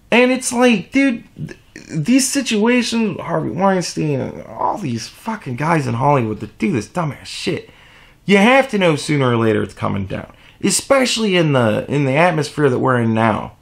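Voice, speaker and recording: A young man hosting his own podcast, ranting about a scandal, profane and heated, swinging from loud indignation to low muttering. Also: very animated, normal speed, gravelly. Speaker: podcast host. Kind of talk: solo opinion rant.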